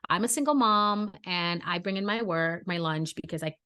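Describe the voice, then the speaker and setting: A woman's voice: lowish voice, normal speed, bright, forceful tone, clean tone. A woman podcast co-host, from Brooklyn, telling a story in casual chat and acting out the dialogue with indignant energy.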